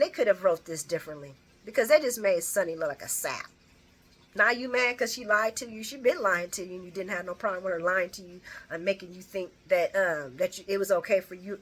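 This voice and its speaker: A woman with a bright, forward voice who recaps soap episodes in loose, casual chat. She is blunt and salty with her opinions and acts out the characters' lines with lively energy. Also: fairly high pitch, breathy edge. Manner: animated, blunt and profane, acts out scenes. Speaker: soap opera recap vlogger.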